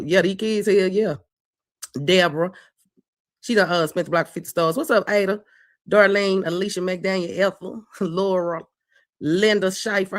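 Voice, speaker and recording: A woman's voice: medium pitch, fairly bright tone, no echo. Middle-aged Southern woman, livestream host, brash and profane, dry close sound, greets viewers one by one. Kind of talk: casual livestream chat. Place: porch.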